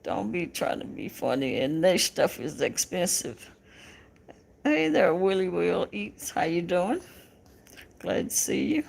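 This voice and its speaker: Southern woman host, creaky gravelly voice, unhurried, chatty live-chat banter with lots of laughter. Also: lowish voice, very animated, darkish tone. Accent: Southern American. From American South. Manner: laughs often, teasing and chatty with viewers. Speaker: livestream host reading viewer comments.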